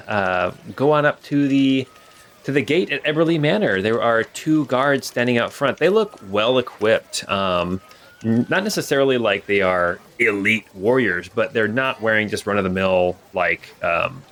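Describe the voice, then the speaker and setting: Low-voiced man running a tabletop game. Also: a bit bright. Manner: casual, rambling, many fillers. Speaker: game master.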